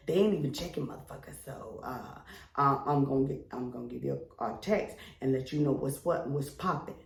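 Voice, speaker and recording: A woman co-hosting a podcast, telling a long story in a loud, animated way, acting out her friends and swearing freely. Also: extremely low pitch, a little fast, vocal fry. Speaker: podcast co-host. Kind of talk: casual chat. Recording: roomy echo.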